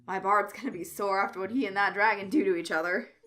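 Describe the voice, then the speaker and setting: A woman playing a deadpan teenage comedian. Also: medium pitch, fast talker, slight background noise, lightly acted. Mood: polite. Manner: deadpan with small stutters.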